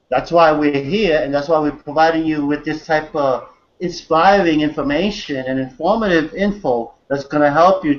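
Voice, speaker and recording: A man hosting an online business call, pumping up his listeners with motivational talk and repeated "guys". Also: highs cut off. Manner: hyped, repeats "guys", pitches a sign-up. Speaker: host. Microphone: video call.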